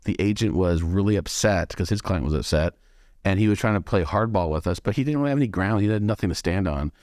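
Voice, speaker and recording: A man hosting a casual interview, joking and telling stories in an animated way. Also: low-pitched, quick pace, no room sound, clean studio sound. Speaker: podcast host.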